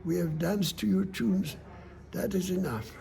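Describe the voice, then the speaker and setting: A man doing a hushed, solemn little Shetland trowie. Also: high voice, measured pace, creaky, noisy background. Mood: grave. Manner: hushed, grave, old-fashioned thee and thou. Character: small solemn male trowie, a Shetland fairy. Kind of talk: oral folk storytelling.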